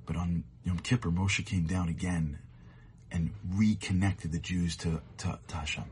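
A man giving a short, earnest sermon as a storyteller, sometimes dropping to hushed tones for emphasis. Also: low voice, steady tone, unhurried, slight background noise.

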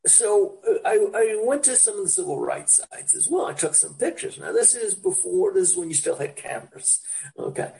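A man from New York, a historian being interviewed, telling anecdotes in a lively, rambling way. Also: high voice, gravelly, far from the mic, poor audio. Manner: animated, digressive, puts on voices for quotes. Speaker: historian and author guest.

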